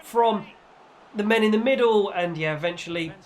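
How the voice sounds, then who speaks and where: Playful and excitable, a man commentates football over his own gameplay on his gaming channel, switching to mock-commentator shouts at the high points. He speaks at a moderate pace in a high-pitched voice.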